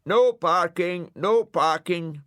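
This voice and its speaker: A man voicing a grumpy, bossy male dog acting as a parking warden, high and indignant. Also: very animated, slow pace, dry recording, studio quality, full character voice. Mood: officious. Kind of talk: audiobook character voice.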